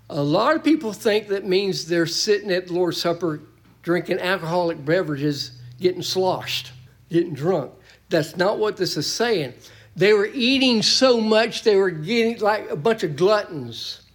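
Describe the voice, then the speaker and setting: A man preaching a sermon to his church, folksy and plain-spoken, now and then shouting a word for emphasis. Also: high voice. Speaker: pastor. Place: church sanctuary.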